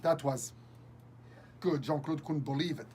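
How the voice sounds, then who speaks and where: A man as an interview guest, telling a story with lots of laughter and halting restarts. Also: on the high side, dark tone, a little hiss or hum. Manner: laughs often, halting restarts, acts out quoted dialogue. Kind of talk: animated storytelling anecdote.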